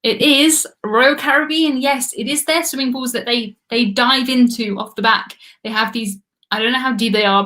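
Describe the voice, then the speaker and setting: A woman's voice: a little high, a bit bright. An English woman hosting a live trivia stream, chatting casually and laughing often as she reads viewer comments.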